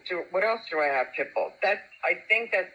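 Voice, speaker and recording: A woman, a guest telling a story in animated, chatty talk. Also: lowish voice, a little fast, husky, highs cut off. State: single parent. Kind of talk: casual storytelling chat.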